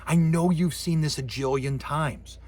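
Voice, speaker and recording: This middle-aged man, a college communications professor, lectures on sound in a recording, his voice on the high side and unhurried. Lively and playful, he cracks jokes and acts out sounds and voices along the way.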